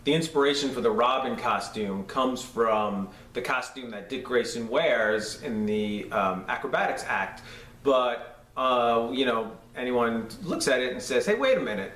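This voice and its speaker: An enthusiastic man with a New York accent talks loosely as a podcast host, piling on fillers and restarts. His mid-pitched voice sits back from the microphone in a roomy, echoing space. A faint hiss runs underneath. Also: measured pace, a bit bright, far from the mic. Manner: enthusiastic, rambling with many fillers. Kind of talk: casual episode review. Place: room shared with a co-host. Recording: roomy echo, off-mic, faint noise.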